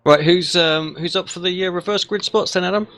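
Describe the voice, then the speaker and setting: A man's voice: high voice, a little fast, fairly bright tone, no echo. A man commentating a sim racing event, chatting with enthusiasm. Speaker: race commentator.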